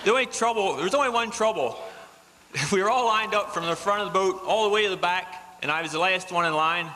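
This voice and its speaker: A man's voice: high-pitched, brisk, bright, forceful tone. A man telling a folksy tall tale in a live stage comedy routine, chuckling at his own jokes. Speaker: comic storyteller on stage. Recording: amateur live show, hall reverb.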